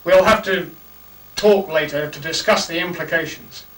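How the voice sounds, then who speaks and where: A man playing a high-voiced, indignant doctor. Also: normal speed, a bit bright, natural voice. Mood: stern. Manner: formal, indignant, clipped. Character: stern, proper family doctor. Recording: roomy, distant old VHS audio.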